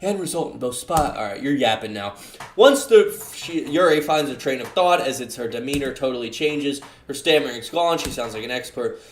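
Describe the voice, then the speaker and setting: A man's voice: medium pitch, expressive, normal speed, roomy sound, a little hiss or hum. A man playing through a visual novel, joking and swearing with sarcastic commentary. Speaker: gaming YouTuber. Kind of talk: let's play commentary.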